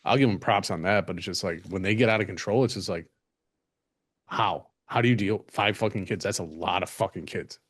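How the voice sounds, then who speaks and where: A man's voice: deep voice, fairly quick, a bit bright, husky. A man co-hosting a podcast, talking in a laid-back, profane, easygoing way. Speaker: podcast co-host. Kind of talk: casual crude podcast banter.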